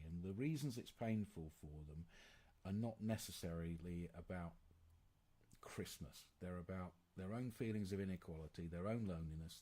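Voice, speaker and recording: A man's voice: sits low, mellow, slightly rough. A man talking earnestly and reflectively on a live podcast. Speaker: podcast host. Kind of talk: casual live discussion.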